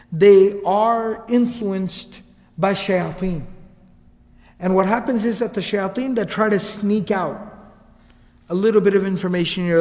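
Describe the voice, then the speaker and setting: Animated high-voiced man lecturing. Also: big-room sound. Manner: animated, acts out quotes, casual fillers. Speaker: Islamic lecturer. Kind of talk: storytelling religious lecture.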